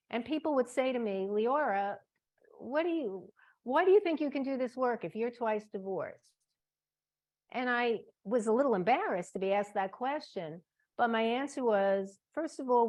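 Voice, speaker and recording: A woman in her sixties from Brooklyn, a guest speaker giving a club talk and telling personal anecdotes. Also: medium pitch. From Brooklyn, New York. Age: 60s. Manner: warm anecdotal storytelling.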